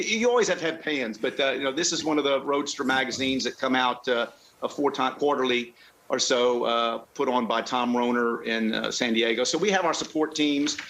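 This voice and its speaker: A man's voice: mid-range voice, steady tone, a bit bright, a little hiss or hum. A middle-aged man from the southern United States, a car club member chatting casually in an interview, often stopping and restarting his sentences. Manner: halting, many restarts and fillers.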